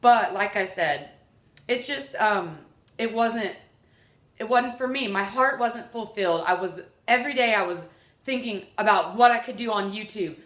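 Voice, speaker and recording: A woman's voice: medium pitch, normal speed, fairly bright tone. A woman in her thirties talking casually to her vlog audience, rambling, upbeat and earnest. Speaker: vlogger. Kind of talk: unedited casual vlog talk. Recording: echoey room.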